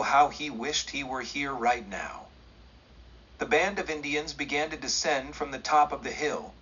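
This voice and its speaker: A man reading a western audiobook aloud in a steady, measured storytelling way. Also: medium pitch, slightly rough, highs cut off. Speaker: audiobook narrator.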